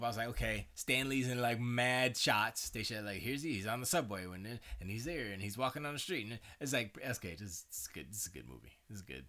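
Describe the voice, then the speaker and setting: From a home studio, a tired livestream host talks in a bright, forceful, medium-pitched voice. His casual chat wanders and self-corrects, loose and slangy, with fillers sprinkled everywhere.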